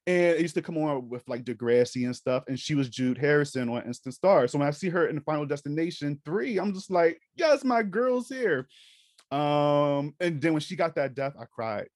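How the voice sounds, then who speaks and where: A gushing young man with a fairly high voice, recorded dry and close with no room sound. He co-hosts a casual chat and swears freely as he gets excited. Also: brisk, few pauses, no room sound. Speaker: podcast co-host.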